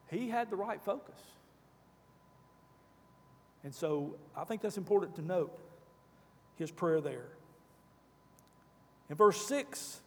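A man's voice: sits high, big-room sound. A man leading a Bible study class, asking the group questions and reading scripture aloud.

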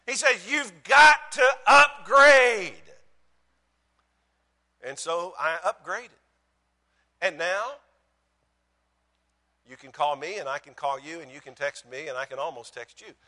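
A middle-aged man preaching a guest sermon with humorous personal stories, animated and self-deprecating, swinging from loud exclaiming to quiet asides. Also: on the high side, normal speed, long pauses, big-room sound.

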